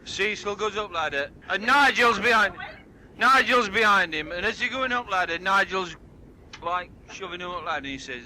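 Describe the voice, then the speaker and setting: A man's voice: high-pitched, expressive, normal speed, pushed and bright, low-quality recording. Man rambling through dirty jokes. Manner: rambling, broad dialect storytelling with voiced characters. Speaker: joke teller at a party. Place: home party. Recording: hissy old cassette tape.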